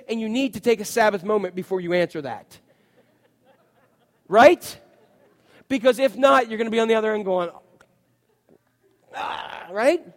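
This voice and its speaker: A man preaching a chatty, animated sermon as a pastor, full of asides and "you know". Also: very high voice. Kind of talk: conversational sermon. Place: church. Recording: long reverb of a church hall.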